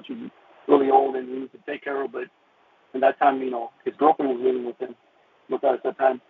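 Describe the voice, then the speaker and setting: A man telling an emotional personal testimony in a halting way, restarting and repeating his words. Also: mid-range voice, creaky, breathy edge. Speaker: caller sharing a personal testimony. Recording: tinny phone-like line with faint hiss.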